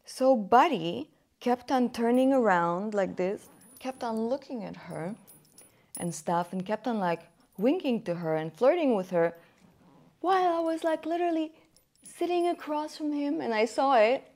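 Her voice runs on the high side and she takes her time as she hosts a dating podcast from Germany. The woman, in her thirties, is candid and chatty, performing quotes as she tells lively stories.

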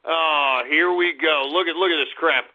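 A man hosting a radio show, angry and swearing, often breaking into shouts. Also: on the high side, steady tone, moderate pace. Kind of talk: profane ranting radio talk. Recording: dull lo-fi radio recording.

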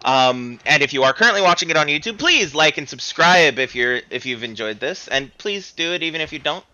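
A man's voice: fairly high pitch, animated, a little fast, sharp tone, highs cut off. A young man streaming a video game, rambling and joking in casual commentary. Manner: rambling, self-deprecating, joking. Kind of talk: casual let's-play commentary.

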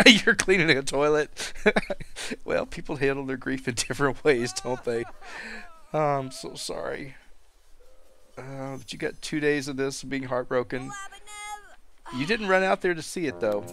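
A man's voice: mid-range voice, measured pace, long pauses, fairly bright tone. Chatty man narrating a life-sim game. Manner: chatty, talks to his game characters, laughs often. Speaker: let's play host. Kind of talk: casual gameplay commentary. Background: game music.

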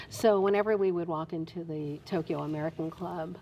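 A middle-aged woman from New Jersey, telling stories as an interview guest in an animated, emphatic way. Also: lowish voice, a little fast, few pauses, slight background noise. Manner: animated storyteller, expressive and emphatic. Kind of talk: casual interview chat.

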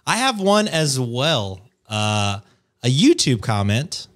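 A man's voice: mid-range voice, big pitch swings, takes it slowly, a bit bright. A man co-hosting a podcast, chatting and joking in an easygoing way with lots of fillers. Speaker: podcast co-host. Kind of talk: casual podcast banter.

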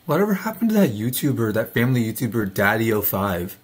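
A man's voice: mid-range voice, very animated, fast, husky. A man hosting a reaction video, talking bluntly and mocking what he watches in casual, sarcastic commentary.

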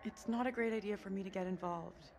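A woman's voice: medium pitch, quick pace, a little mellow, natural voice. An actress voicing a sarcastic teenage girl who is the older sister, in a dry, mocking tone.

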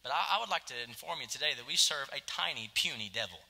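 Man, pastor, passionate sermon, bright high voice, long church reverb. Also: animated, quick pace, gravelly. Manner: impassioned, swings from loud preaching to hushed tones. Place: church sanctuary.

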